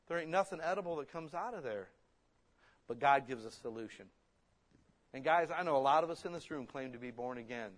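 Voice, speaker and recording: A man preaching a sermon in a church, blunt and folksy, with sudden loud emphatic bursts. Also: mid-range voice, lively intonation, brisk. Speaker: pastor. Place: church hall.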